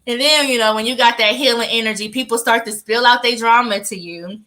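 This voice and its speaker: A woman with a high, bright voice tells a story. She is animated, laughs often and acts out the lines of the people in her story. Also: a little fast. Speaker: podcast co-host. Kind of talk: casual chat, storytelling.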